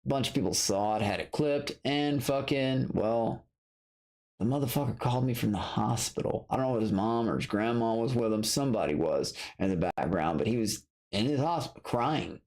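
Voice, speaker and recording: A man's voice: medium pitch, normal speed, darkish tone. A middle-aged man talking on a late-night livestream, blunt and profane, circling back over the same points as he rants. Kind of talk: casual late-night stream rant.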